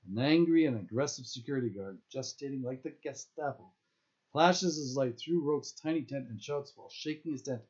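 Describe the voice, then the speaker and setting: A man's voice: medium pitch, a little fast, a little mellow. A man reading his own novel aloud, stumbling now and then and correcting himself mid-sentence. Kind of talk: audiobook-style reading of own fiction. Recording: dull lo-fi recording.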